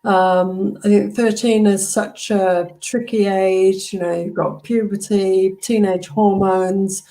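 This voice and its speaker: A woman's voice: mid-range voice, steady tone, slow, warm tone, rough recording. A woman with an accent between British and Australian, talking candidly and reflectively as a guest in a casual interview. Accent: mixed British and Australian. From UK, Australia and Kenya. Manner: reflective, candid, laughs lightly. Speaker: podcast guest, TCK coach.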